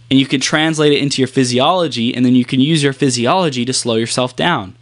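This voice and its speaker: A man giving a motivational talk about silence and pacing, using deliberate pauses and shifting his pace and softness to demonstrate. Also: medium pitch, very noisy.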